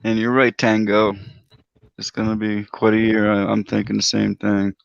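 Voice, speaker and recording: Gravelly laid-back man on a call. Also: on the low side, monotone, normal speed, no room sound. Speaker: chat participant. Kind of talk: casual group voice chat. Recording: dull lo-fi online call audio.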